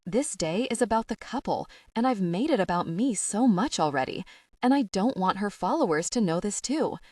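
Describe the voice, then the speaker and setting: Expressive woman narrating an audiobook. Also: medium pitch, moderate pace, no echo, studio quality, recorded from a distance. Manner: expressive, wry, lively storytelling. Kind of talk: first-person audiobook narration.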